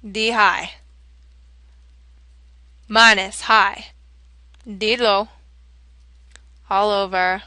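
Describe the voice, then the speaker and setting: A woman's voice: mid-range voice, pushed and bright, clear, resonant tone, no room sound. A woman teaching a calculus lesson, explaining each step in a casual, chatty way and correcting herself as she goes. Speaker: math teacher. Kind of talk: whiteboard lesson walkthrough.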